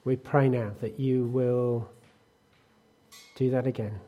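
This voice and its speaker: A man's voice: medium pitch, level tone, lo-fi sound. A man leading an earnest spoken prayer in a church service. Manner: earnest, unhurried praying. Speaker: prayer leader.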